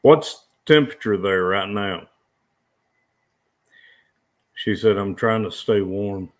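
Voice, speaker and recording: A man's voice: fairly low pitch, slow. A man co-hosting a homestead livestream, chatting casually and tossing in playful jokes. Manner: joking, playful asides. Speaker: homestead channel co-host.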